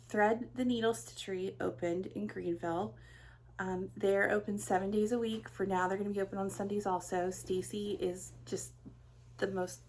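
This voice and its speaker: Middle-aged woman, casual vlog chatter, slight fry, rambling. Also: mid-range voice, slight background noise. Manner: chatty, rambling, warm storytelling with many fillers. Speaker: craft vlogger.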